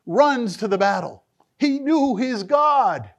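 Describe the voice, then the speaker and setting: A male pastor preaching a sermon to a church congregation, moving between loud emphatic bursts and low, hushed asides. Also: very animated, takes it slowly. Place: church sanctuary.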